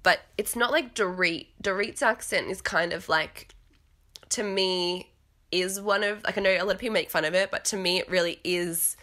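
A woman's voice: lowish voice, pushed and bright. A woman from Australia with a mixed Australian accent, rambling and hesitant through a casual recap while fighting a cough. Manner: rambling, hesitant, many fillers. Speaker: vlogger.

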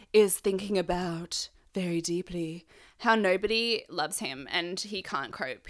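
Young Aussie woman, unhurried sarcastic recap, bright sharp tone. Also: lowish voice. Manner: irreverent, sarcastic, swears freely. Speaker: recap vlogger. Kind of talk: casual reality-show recap.

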